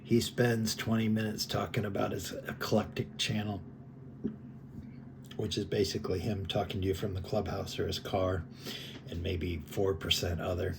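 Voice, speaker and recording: A man's voice: deep voice, level tone, moderate pace, vocal fry, background noise. A man talking casually and rambling, chuckling as he comments on other creators' videos. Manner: rambling, chuckling, heavy on fillers. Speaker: commentary vlogger.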